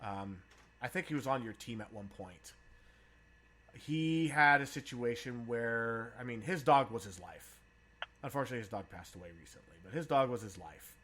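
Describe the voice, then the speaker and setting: A man's voice: mid-range voice, normal speed, a bit bright, a little hiss or hum. A man from San Diego hosting a casual podcast chat, swearing freely and laughing often. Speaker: podcast host.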